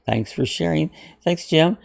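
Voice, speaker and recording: A man's voice: on the high side, unhurried, vocal fry. A man from Ohio hosting his channel, casually chatting through viewer comments with lots of uhs and restarts. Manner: rambling, friendly, with frequent uhs and restarts. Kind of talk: casual chat.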